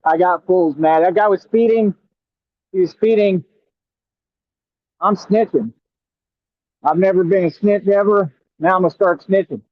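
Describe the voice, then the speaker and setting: A man's voice: sits high, measured pace, long pauses, no echo. A man vlogging while riding a scooter through traffic, trash-talking a rival in a taunting way and stumbling over repeated words. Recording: tinny phone-like, dry.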